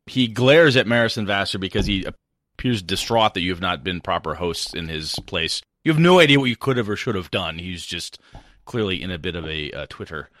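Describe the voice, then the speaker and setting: A man's voice: low-pitched, lively intonation, a little fast, a bit bright, dry recording, clean studio sound. A man running a tabletop game as game master, narrating with wry humor.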